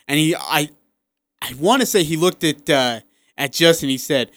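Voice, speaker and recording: A man co-hosting a sports radio show, talking in a casual, excitable way and acting out what people said. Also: on the high side, normal speed, no echo. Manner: excitable, animated storyteller who acts out quotes.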